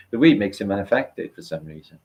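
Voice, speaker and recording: A man's voice: fairly low pitch, a little mellow, highs cut off. A middle-aged man hosting a live stream, chatting casually, rambling and swearing as he answers comments.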